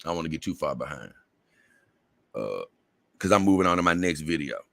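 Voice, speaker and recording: A man's voice: very deep voice, animated, brisk, vocal fry, fairly bright tone, no room sound. A man with a Southern US accent hosting a casual livestream, reading viewer comments in a rambling way, repeating words and laughing often. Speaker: livestream host.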